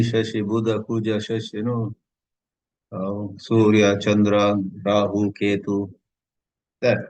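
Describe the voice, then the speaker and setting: A man giving a scripture lecture, telling stories in a lively, conversational way and using Sanskrit terms. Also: lowish voice. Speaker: spiritual teacher. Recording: slightly muffled lo-fi recording.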